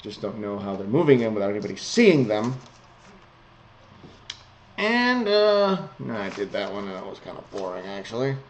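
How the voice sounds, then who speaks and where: A man's voice: on the low side, quick pace, hardly any pauses, darkish tone, a little hiss or hum. A man giving casual, sarcastic commentary on news stories from home. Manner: sarcastic, blunt, chuckles often. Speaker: vlogger reading news. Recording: slightly muffled lo-fi home recording.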